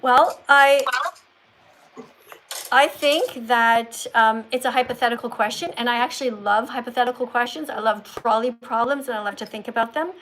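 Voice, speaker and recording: Livestream host, woman, teacherly, coaches pacing and emphasis, slightly high pitch. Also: fairly bright tone, slight background noise, rough recording. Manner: teacherly, slows down to stress words. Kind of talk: casual livestream chat, coaching a caller.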